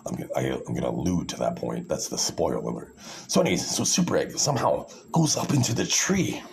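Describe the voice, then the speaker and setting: Low, gravelly man ranting to camera, sarcastic and condescending, swings his pitch widely. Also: wildly swooping pitch, quick pace. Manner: sarcastic, condescending, full of fillers and restarts. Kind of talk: rambling monologue.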